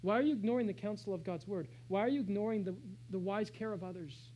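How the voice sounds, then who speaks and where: A man preaching a sermon, shifting between hushed, slow phrases and raised, emphatic calls. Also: high-pitched, slight background noise, rough recording. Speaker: pastor.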